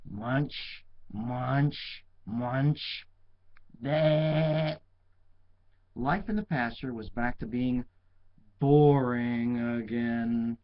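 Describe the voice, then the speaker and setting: Husky guy reading a kids book, slow and lively, muffled lo-fi audio. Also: medium pitch. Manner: slow, lively, chatty asides about the pictures. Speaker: children's book reader. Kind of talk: reading a picture book aloud. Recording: dull lo-fi recording.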